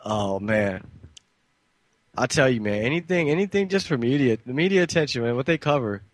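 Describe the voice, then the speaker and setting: A man's voice: medium pitch, lively intonation, brisk, no echo. Slangy male talk radio host, dry sound. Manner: loose, slangy, sarcastic ranting. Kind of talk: casual talk radio commentary.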